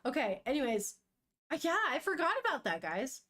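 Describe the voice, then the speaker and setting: A young woman streams herself reading a manga out loud, reacting as she goes. She talks in an animated, unfiltered way, swearing freely and laughing often as she greets her chat. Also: high voice, a little fast.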